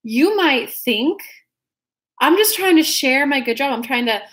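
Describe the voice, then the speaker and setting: A woman's voice: high voice, animated, measured pace, fairly bright tone. A woman giving a casual tarot reading to her viewers, chatty and rambling, often restarting her sentences. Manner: talks straight to viewers as "guys". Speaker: tarot reader.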